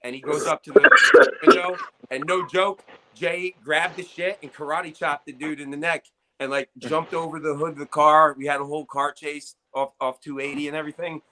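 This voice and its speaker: A man's voice: on the high side, flat delivery, moderate pace, background noise. A man hosting an armwrestling talk show, telling stories in a loose, profane, filler-heavy way. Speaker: armwrestling show host and competitor. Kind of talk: casual chat.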